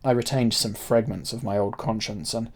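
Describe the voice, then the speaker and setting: A man narrating a first-person adventure novel in a measured, deliberate reading. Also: lowish voice, steady tone, a little mellow.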